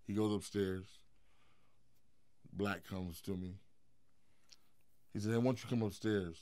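A middle-aged man, a guest in an interview, telling a story in a lively, profane way. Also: on the low side, unhurried, dry recording, studio quality. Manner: animated, profane storyteller who swings into loud acted quotes.

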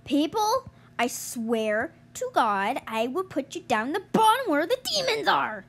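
A young woman commentating her gameplay, exasperated and groaning, yelling at other players to get out of her way. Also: high-pitched, sing-song, a little slow. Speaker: gamer streamer.

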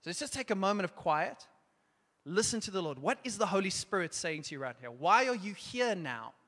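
A man preaching a sermon and leading an altar call, urgent and exhorting, at times dropping to a hushed, prayerful tone. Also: sits high, sing-song, fairly quick. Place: church hall. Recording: long church hall reverb.

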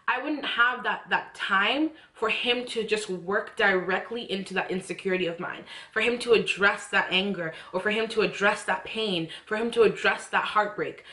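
A woman's voice: mid-range voice, sharp tone. A young woman talking earnestly and casually about faith, often restarting and rising into heartfelt prayers. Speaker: faith vlogger. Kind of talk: casual faith talk to camera. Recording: echoey room.

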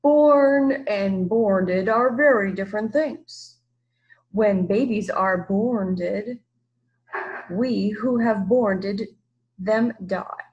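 A woman reading aloud and voicing an enormous, gentle old monster that speaks slowly and solemnly, sometimes dropping to a hush. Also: medium pitch, lo-fi sound. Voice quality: slow deliberate speech, hushed at times.

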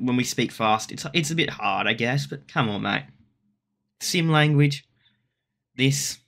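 This man's medium-pitched voice is bright and forceful. He's an Australian YouTuber doing casual vlog commentary, rambling along self-deprecatingly and frequently starting his sentences over.

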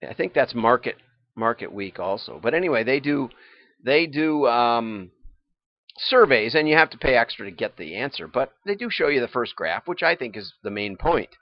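Chuckling older man with lively pitch. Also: normal speed, no echo. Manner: chatty, rambling, chuckles often. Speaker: livestream host. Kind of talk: casual livestream commentary. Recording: dull, lo-fi, dry livestream audio.

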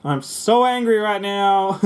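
A man's voice: high voice, lively intonation, slow pace. A young man commentating a video game, swearing and grumbling with sarcastic frustration. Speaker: gaming YouTuber. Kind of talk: let's play commentary.

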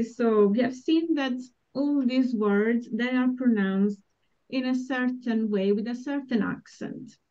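A woman teaching a language class over a video call, slowly and patiently modeling words for students to repeat. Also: on the high side, warm tone. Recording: dull lo-fi call audio.

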